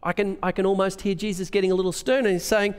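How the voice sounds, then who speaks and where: An Australian pastor preaching a sermon, his high, smooth, resonant voice carrying long reverb through a church hall. He asks earnest questions and reads scripture aloud. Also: little pitch movement, fast talker.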